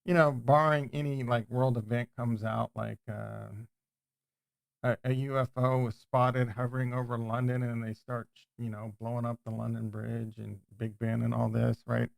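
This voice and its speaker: A man's voice: mid-range voice, flat delivery, normal speed, gravelly, no echo. A man hosting a casual livestream, chatting in a rambling way and often breaking off and restarting his sentences. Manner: rambling, self-interrupting, chatty. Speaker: crypto livestream host.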